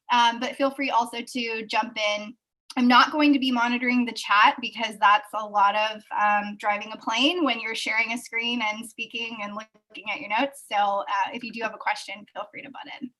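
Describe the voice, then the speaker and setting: A woman's voice: a little high, sharp tone, poor audio. A woman who owns a business, giving an upbeat, conversational online presentation over a video call. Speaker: guest speaker, business owner.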